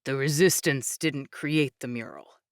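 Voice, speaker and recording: A woman voicing a calm young man who patiently explains things in a low, measured voice. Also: dry recording, studio quality. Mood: explaining.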